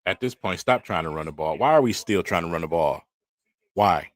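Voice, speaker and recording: A man's voice: deep voice, expressive, fairly quick, no echo, studio quality. A man, hosting a live football watch party and talking through the game in a frustrated, conversational way. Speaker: live stream host. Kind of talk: casual sports watch-party commentary.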